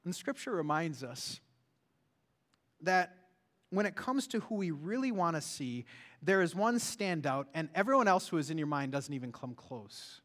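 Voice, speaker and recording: A man preaching a sermon as a pastor, earnest, rising loud and then dropping to a hush. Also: a little high, big pitch swings, normal speed. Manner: earnest, swings from loud to hushed.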